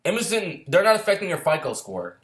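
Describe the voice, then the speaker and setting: Fast-talking man ranting in a roomy space. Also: high-pitched, sing-song, fairly bright tone. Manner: heated, profane, fires rhetorical questions. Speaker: filmmaker sharing opinions. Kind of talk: casual rant. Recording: roomy echo.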